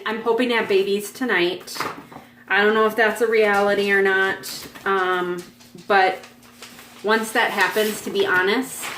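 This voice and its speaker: A woman talks through her crafting projects at home in a loose, rambling way, full of ums and half-finished sentences. Her voice sits at a middle pitch and carries a roomy echo from the space around her, with a faint hum of noise underneath. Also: a bit bright. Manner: rambling, with many ums and restarts; pitches up sharply when calling her dogs. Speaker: cross-stitch vlogger. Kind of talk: casual chatty vlog. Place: at home, dogs nearby.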